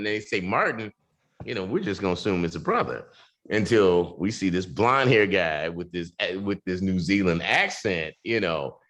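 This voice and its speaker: A man hosting an interview, talking in an animated, hyped way with lots of fillers over a video call. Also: low voice, moderate pace. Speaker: podcast host. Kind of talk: casual interview talk.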